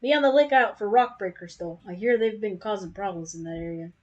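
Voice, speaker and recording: A woman voicing an easygoing male merchant in a game, with a put-on American Southern accent and a deep drawl. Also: brisk, dull audio, natural voice.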